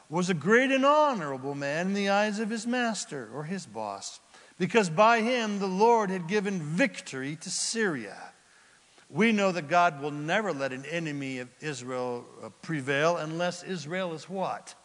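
High-voiced preacher in an echoing hall. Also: male voice, normal speed. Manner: animated, asks the congregation rhetorical questions; acts out the characters in the story. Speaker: pastor. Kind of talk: expository sermon.

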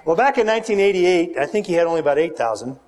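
A male pastor preaches with animated energy, cracking jokes and having the congregation repeat after him. His voice sits notably high. The sound carries a long reverb from a large church hall. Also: rapid-fire. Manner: animated, joking, leads audience call-and-response. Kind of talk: sermon.

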